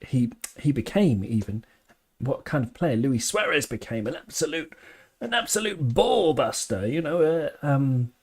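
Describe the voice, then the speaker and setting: A man's voice: mid-range voice, a little mellow, husky. A man hosting a live fan stream, chatting loosely and thoughtfully, with frequent restarts and chuckles while reading viewer comments. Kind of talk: casual live-stream chat.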